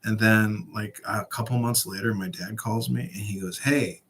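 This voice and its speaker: A man's voice: fairly low pitch, normal speed, slightly rough. Male podcast co-host, casual chat, loose profane storyteller. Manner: profane, laughing, animated storytelling.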